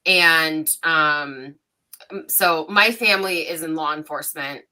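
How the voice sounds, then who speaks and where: This psychic medium speaks in a low, unhurried voice while sharing stories on a livestream panel. Animated and casual, she performs the dialogue with a rising voice.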